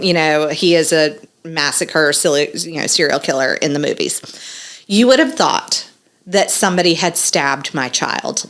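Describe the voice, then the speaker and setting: A middle-aged woman, telling a story in casual podcast chat, animated and swearing freely. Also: fairly low pitch. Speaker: podcast host.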